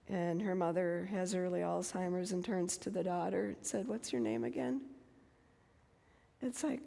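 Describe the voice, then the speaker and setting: A woman in her fifties giving a church talk with personal stories, speaking slowly and deliberately with homely asides. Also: medium pitch, creaky, dark tone. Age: 50s. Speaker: guest speaker. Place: church sanctuary. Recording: long reverb of a church hall.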